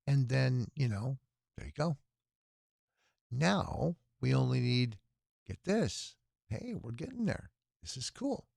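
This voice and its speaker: A man's voice: medium pitch, big pitch swings, slow pace, gravelly, long pauses, darkish tone, no echo, clean studio sound. A sleep-deprived man hosting a long livestream telethon, chatting to viewers and muttering to himself while he types at his computer. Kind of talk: casual livestream chat to viewers.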